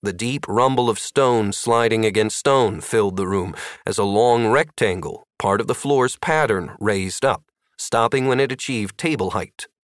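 A man narrating an audiobook in a lively, expressive reading. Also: lowish voice, a little slow, few pauses, no room sound, studio quality.

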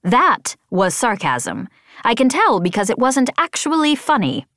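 Woman doing a sarcastic male ship computer in a storybook, quirky and deadpan, with a lively up-and-down voice and a very dry close sound. he talks to his pilot like a smug pal. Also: a little high, a little slow, no room sound, pitched above the performer's own voice, heavily acted. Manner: deadpan, wry.

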